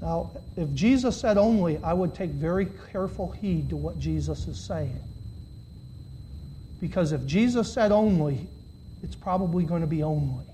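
A preacher giving a live sermon to a congregation of about fifty, dropping to quiet, low questions and then rising to loud, shouted emphasis, drawing out key words. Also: lively intonation, moderate pace, a little hiss or hum. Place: church hall with about fifty listeners.

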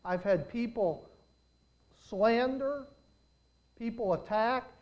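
A man preaching a sermon as pastor, swelling into loud, stretched-out emphasis and then dropping back to a conversational tone. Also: very high-pitched, dull audio. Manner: preaching with surges of volume and drawn-out emphasis.

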